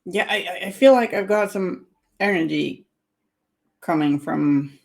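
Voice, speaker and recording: A woman's voice: fairly low pitch, unhurried, creaky, darkish tone. A woman chatting casually on a live stream while painting miniatures and answering viewer comments.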